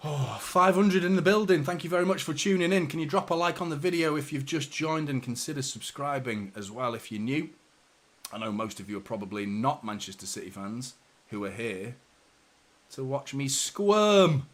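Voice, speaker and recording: A young man hosting a live football watchalong, swearing often and swinging between anxious muttering and shouted celebration. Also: mid-range voice, a little fast. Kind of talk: live match reaction commentary.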